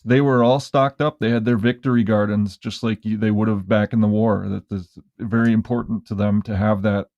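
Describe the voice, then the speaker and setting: A man talking as a guest in a casual chat, thoughtful and a bit halting. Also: lowish voice, steady tone, darkish tone, no echo, muffled recording.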